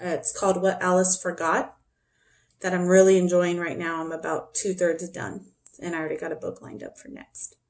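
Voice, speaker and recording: A woman's voice: on the low side, normal speed, creaky. Chatty woman teacher at home. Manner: chatty, talks to her dogs between remarks. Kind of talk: casual video lesson for students at home.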